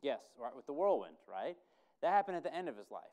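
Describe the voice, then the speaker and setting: A man's voice: mid-range voice, big pitch swings, fast talker, a little mellow. A man preaching a conversational sermon, putting questions to his congregation and thinking aloud. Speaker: pastor.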